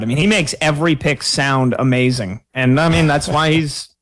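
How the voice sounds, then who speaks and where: A man's voice: medium pitch, normal speed, hardly any pauses, fairly bright tone. A man hosting a sports betting radio show, joking with co-hosts and reading calls and texts.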